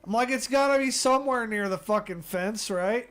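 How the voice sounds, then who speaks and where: Male streamer, high-pitched, profane exasperated storyteller, faint music under. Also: normal speed, a bit bright. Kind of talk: ranting comedic storytelling.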